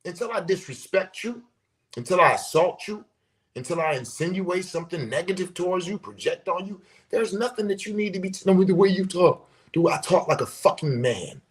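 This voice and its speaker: Brisk and lively in intonation, the man's voice sits high as he hosts his American podcast. It's a casual monologue rant, full of swearing and emphasis, with plenty of hand-talking.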